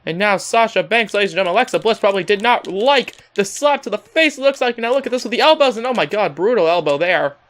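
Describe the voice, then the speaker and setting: A young man giving excitable play-by-play commentary on a wrestling video game, often laughing and calling out to ladies and gentlemen. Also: high-pitched, fast, hardly any pauses. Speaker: gameplay commentator.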